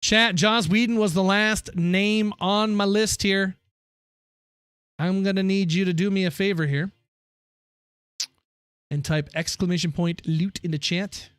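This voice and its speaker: A man's voice: sits high, fairly bright tone, no echo. A young man chatting casually with his viewers during a game live stream. He is chatty and opinionated, ranting with slangy asides.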